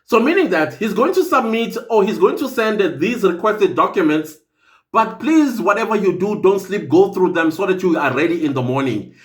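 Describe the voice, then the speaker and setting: A man's voice: sits high, animated, normal speed. A South African man giving opinionated commentary in an emphatic, incredulous way.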